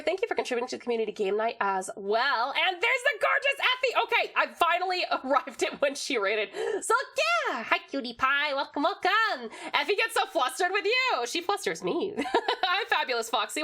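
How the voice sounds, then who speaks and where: Bubbly high-voiced woman streamer from Tasmania. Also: sing-song, pushed and bright. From Tasmania, Australia. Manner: bubbly, giggly, fast-switching, swears casually. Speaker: livestreamer. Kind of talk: casual live-stream chat, reading chat messages.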